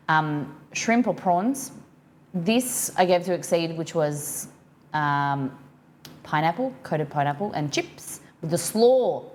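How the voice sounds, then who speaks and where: Chatty Australian woman live-streamer. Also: low-pitched. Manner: chatty, reads viewer comments aloud and reacts. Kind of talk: live-stream chat with viewers.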